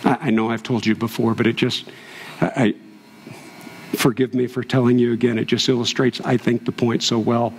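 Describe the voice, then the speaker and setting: Gravelly preacher man in a reverberant church. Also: mid-range voice, flat delivery, moderate pace, a little mellow, a little hiss or hum. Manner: storytelling preacher, rising to impassioned peaks. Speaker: pastor. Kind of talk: sermon. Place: church sanctuary. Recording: long hall reverb.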